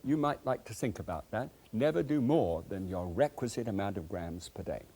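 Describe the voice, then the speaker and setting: A man's voice: fairly low pitch, expressive, moderate pace, background noise. A man hosting a cooking show, chatting enthusiastically and telling folksy anecdotes from a TV kitchen set. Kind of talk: cooking show chat and storytelling.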